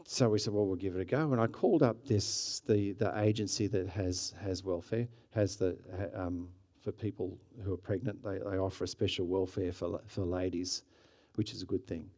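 Australian pastor telling a story. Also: male voice, low-pitched, fairly even intonation, moderate pace, dark tone. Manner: conversational, with frequent restarts and rising bursts of energy. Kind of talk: sermon storytelling.

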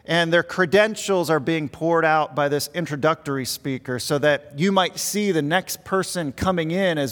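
Man preaching a sermon in a hall. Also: a little high. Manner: earnest preaching, rising emphasis then dropping quiet. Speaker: pastor. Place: large church sanctuary. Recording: long reverb of a large hall.

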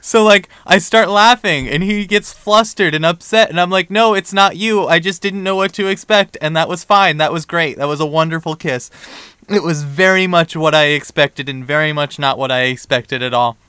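Bright, animated young man telling a story. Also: fairly high pitch, moderate pace, smooth, no echo. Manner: animated storyteller, acts out quoted dialogue. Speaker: podcast co-host. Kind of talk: casual chat, storytelling.

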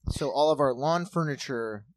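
A man casually telling a funny story, animated and profane, with a lively way of acting out what people said. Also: medium pitch, moderate pace, no echo. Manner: animated, swearing, acts out quoted voices.

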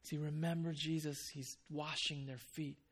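High-voiced man preaching a sermon. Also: moderate pace. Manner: conversational, animated when telling stories. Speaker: pastor.

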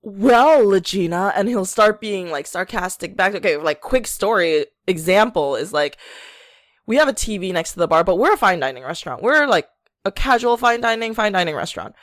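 A woman's voice: medium pitch, a little fast, dry recording, studio quality. A young woman co-hosting a podcast, telling a long story in casual chat, acting out what people said and laughing often. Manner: animated storyteller, acts out quotes, laughs often. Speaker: podcast co-host.

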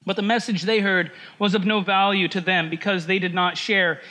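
A man preaching a sermon in a relaxed, conversational way, joking and laughing at himself as he goes. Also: sits high, moderate pace. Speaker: pastor.

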